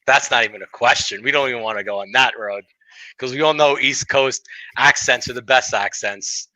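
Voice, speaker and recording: A man's voice: medium pitch, moderate pace, sharp tone, no room sound, rough recording. A man with a Brooklyn accent co-hosting a podcast in loose, joking casual chat. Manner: joking, loose and chatty with fillers. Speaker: podcast co-host.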